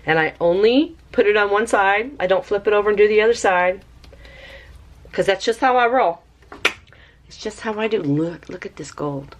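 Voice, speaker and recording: A woman hosting a casual craft review vlog, chatty and excitable, talking to viewers like friends. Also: normal speed. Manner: bubbly and excitable, squeals with high delight. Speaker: craft video host.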